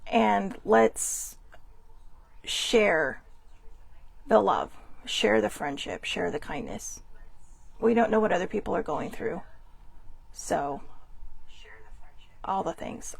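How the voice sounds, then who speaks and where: A young woman hosting a casual solo talk show from home, chatty and rambling, loud and theatrical. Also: medium pitch, vocal fry, slightly rough. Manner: chatty, rambling and expressive, laughs often; calls herself loud and theatrical. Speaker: host. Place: at home in her bedroom.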